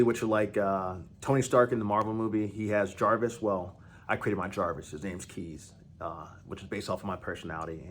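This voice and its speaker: A man hosting a podcast, giving a heartfelt spoken tribute in a halting, emotional way with many restarts. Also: fairly low pitch, a little hiss or hum. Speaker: podcast host.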